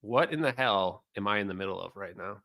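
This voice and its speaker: A man's voice: lowish voice, animated, brisk, sharp tone. A man hosting a livestream, reacting to a clip in a mocking, profane way and talking to his chat. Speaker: streamer host.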